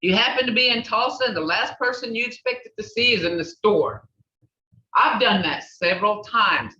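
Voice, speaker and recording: An older woman teaching a language class, repeating words slowly and checking in with "okay?". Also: medium pitch, lively intonation, pushed and bright, a little hiss or hum. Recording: echoey, distant, dull room recording.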